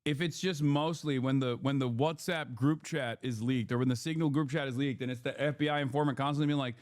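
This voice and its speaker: A man's voice: medium pitch, steady tone, a little fast, hardly any pauses. A man in a casual stream chat, giving political commentary in a rambling, sarcastic way with lots of fillers. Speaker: stream guest.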